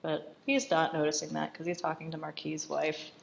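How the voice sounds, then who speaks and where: A woman chatting through a film commentary, retelling scenes in an easy, offhand way. Her voice sits fairly low. The recording is dull and lo-fi. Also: little pitch movement, moderate pace, vocal fry, slight background noise.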